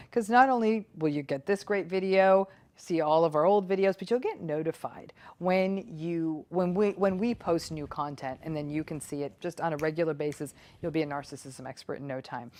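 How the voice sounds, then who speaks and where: A woman hosting an educational video, explaining in a measured way. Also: lowish voice, darkish tone. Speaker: YouTube host on narcissistic abuse. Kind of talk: educational talk to camera.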